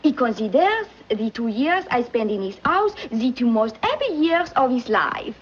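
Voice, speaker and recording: A coquettish French maid. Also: female voice, a little high, sing-song, normal speed, slightly rough. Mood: charming. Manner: coquettish, sprinkles French words, broken English. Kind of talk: 1940s film acting. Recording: dull old film soundtrack, faint hiss.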